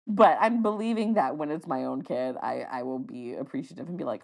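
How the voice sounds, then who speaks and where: A woman's voice: deep voice, fast, vocal fry, few pauses. A woman, hosting a casual solo podcast and telling stories with playful quoted voices. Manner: chatty storytelling with frequent laughs and playful quoted voices. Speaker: podcast host.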